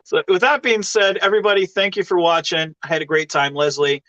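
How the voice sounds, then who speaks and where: A man's voice: high-pitched, steady tone, brisk, pushed and bright, no echo. A man hosting a casual chat show on a video call, laid-back and swearing casually. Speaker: host. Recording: dull lo-fi audio.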